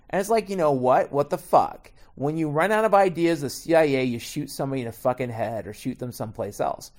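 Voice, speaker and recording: A middle-aged man ranting in a profane, rambling, sarcastic comedic monologue. His pitch swings widely as he jumps from muttering asides to loud outbursts. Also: very animated, brisk.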